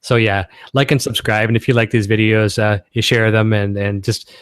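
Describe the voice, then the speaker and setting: A man's voice: fairly low pitch, little pitch movement, normal speed, smooth, no echo, studio quality. A man from Canada hosting a casual guitar-gear livestream, talking in an enthusiastic, rambling way.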